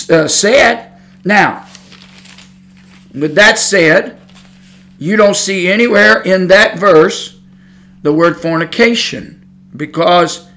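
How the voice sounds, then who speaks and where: A man's voice: high voice, pushed and bright. A middle-aged man preaching as a Pentecostal pastor, blunt and folksy, hammering home his points in a sermon.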